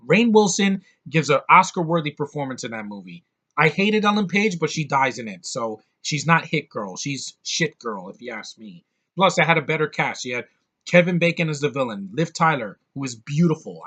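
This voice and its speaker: A man's voice: fairly high pitch, fairly bright tone. A man giving a blunt, sarcastic, profane rant as a movie reviewer. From United States.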